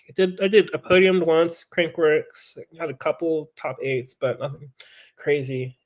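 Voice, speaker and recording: A man's voice: fairly high pitch, normal speed. A man, a pro mountain biker, telling a story in casual chat with swearing and acted-out quotes. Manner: animated, swears, acts out quoted voices.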